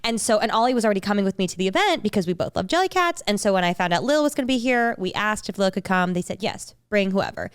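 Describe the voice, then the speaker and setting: Young female podcast host, animated storyteller who acts out quotes; smooth, clear voice, dry close recording. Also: medium pitch, quick pace, few pauses, no echo. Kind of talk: casual chat.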